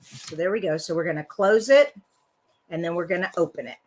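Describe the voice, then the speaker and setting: A woman's voice: lowish voice, brisk, a little mellow. A woman hosting a casual live card-making tutorial, chatty and rambling, often laughing.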